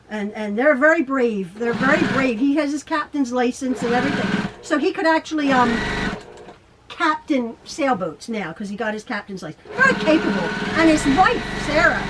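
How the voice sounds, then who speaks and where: A woman's voice: high-pitched, animated, normal speed. Chatty woman teaching quilting over sewing machine. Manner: rambling, laughs often, talks to herself. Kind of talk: chatty home sewing tutorial. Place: home sewing room. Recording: sewing machine noise behind her.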